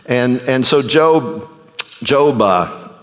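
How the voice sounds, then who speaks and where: A male pastor delivers a sermon with animated storytelling, dropping to hushed low tones and then rising loud and high. His voice carries a long hall reverb around it. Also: extremely slow.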